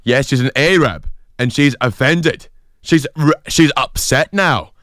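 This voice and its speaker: A man's voice: lowish voice, sing-song, fast, sharp tone, no room sound, clean studio sound. A man voicing an indignant young man at a pub who makes insistent accusations.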